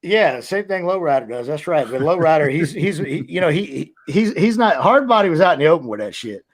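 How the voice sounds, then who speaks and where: Man, casual profane storyteller, slightly raised pitch, video call. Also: very animated, fairly quick. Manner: loose, profane storytelling with acted-out quotes. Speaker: podcast co-host, former wrestler.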